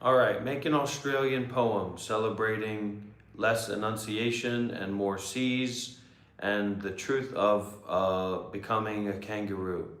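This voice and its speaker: A man hosting a livestream, who talks in a slow, deliberate, probing way while quizzing an AI. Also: on the low side, steady tone, a bit bright. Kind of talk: casual live chat. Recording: echoey room.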